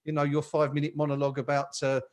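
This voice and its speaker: A man's voice: on the high side, monotone, very fast, a little mellow. A man hosting a live football chat stream, upbeat and reading out viewer comments. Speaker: podcast host.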